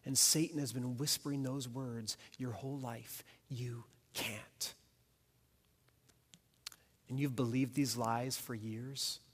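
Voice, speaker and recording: A senior pastor giving a sermon with an emphatic, repetitive preaching cadence. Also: male voice, mid-range voice, fairly even intonation, normal speed, few pauses, breathy edge. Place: church sanctuary. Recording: long church reverb.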